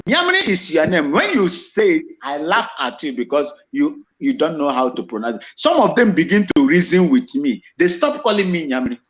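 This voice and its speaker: Speaking with a Nigerian accent in a high, fairly bright voice, this male commentator gives a passionate monologue that's forceful and repetitive, with frequent restarts. The recording is dull and lo-fi.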